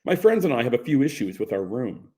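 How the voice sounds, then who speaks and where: A man's voice: mid-range voice, very animated, fairly quick, warm tone, close to an everyday voice. A man reading the part of a laid-back young man who muses matter-of-factly about economics and life. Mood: mock-formal.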